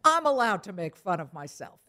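A middle-aged woman, a news anchor, speaking as an interview guest in an emphatic, quick-witted way. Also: medium pitch, big pitch swings, bright, forceful tone. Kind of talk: conversational interview.

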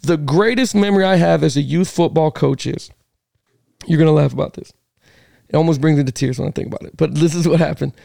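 Man, podcast host, mellow dark tone, gravelly, excited storyteller, casual chat. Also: fairly high pitch, quick pace, dry recording, studio quality. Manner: excited storyteller, jokey asides.

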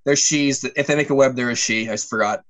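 A man co-hosting a podcast in relaxed, easygoing chat, laughing along with guests. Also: mid-range voice, fast talker. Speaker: podcast co-host.

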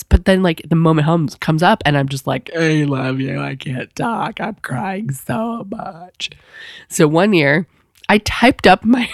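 A woman in her thirties hosting a podcast, talking casually and with feeling, often laughing and jumping into high squeals. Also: dry recording, studio quality. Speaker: podcast host. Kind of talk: casual monologue.

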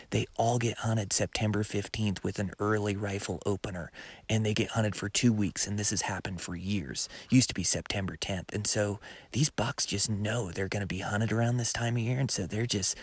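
A man talking casually to his viewers outdoors during a backcountry hunting trip, earnest and at times hushed. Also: fairly low pitch, fairly even intonation, normal speed, breathy edge, no echo. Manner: earnest, drops to a hushed near-whisper at times. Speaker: hunting vlogger. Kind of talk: casual chat to camera.

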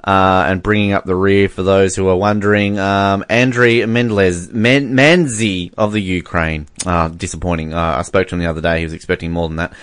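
A man's voice: low voice, steady tone, normal speed, hardly any pauses, a bit bright, smooth, no room sound, studio quality. A man from Australia casually reading sports results on a podcast. He jokes, laughs often and stumbles over foreign names. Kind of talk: casual chat.

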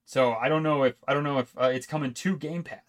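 A man's voice: medium pitch, steady tone, quick pace. A man chatting casually about video games on a podcast, rambling with frequent restarts and laughs. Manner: rambling, laughing, self-interrupting. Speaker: podcast co-host. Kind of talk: casual gaming chat.

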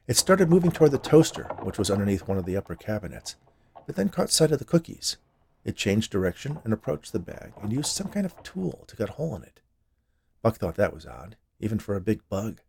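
Brief: male podcast storyteller, lower voice, expressive scripted narration. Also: vocal fry.

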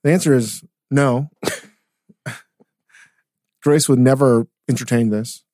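A man co-hosting a podcast in casual, rambling chat, swearing freely and reading product plugs at a quick clip. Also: mid-range voice, fairly even intonation, warm tone, no echo, clean studio sound. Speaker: podcast co-host.

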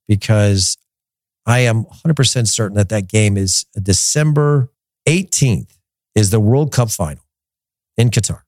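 Rambling low-voiced man hosting a soccer podcast. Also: a little mellow, dry recording, studio quality. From United States. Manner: rambling, opinionated, repeats words while thinking. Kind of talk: casual podcast commentary.

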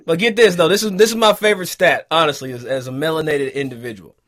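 A man co-hosting a podcast in casual chat, an animated storyteller who laughs often. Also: fairly high pitch, quick pace. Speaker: podcast co-host.

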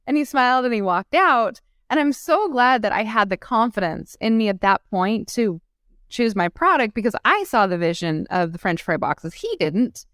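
A woman guest entrepreneur talks casually in an interview, an animated storyteller who voices the people she quotes and laughs often. Her pitch runs on the high side at a moderate pace, in clean studio sound with no room sound.

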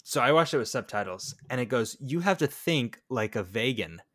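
A man co-hosting a casual movie review podcast, jokey, quick to laugh and to get loud when excited. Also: mid-range voice, no room sound, studio quality. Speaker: podcast co-host.

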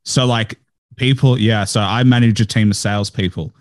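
A man hosting a casual interview podcast, talking in a deadpan, dry, even tone. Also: fairly low pitch, moderate pace, dry recording. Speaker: podcast host.

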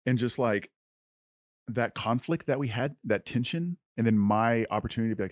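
A man co-hosting a faith-based podcast about mentoring youth, talking in a relaxed way with lots of "like" and soft trailing endings. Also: medium pitch, moderate pace, dry recording, clean studio sound. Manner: relaxed and conversational, full of "like", trails off softly.

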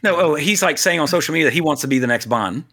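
A man co-hosting a casual film talk, blunt and animated, swearing now and then. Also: fairly high pitch, racing, husky. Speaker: podcast co-host.

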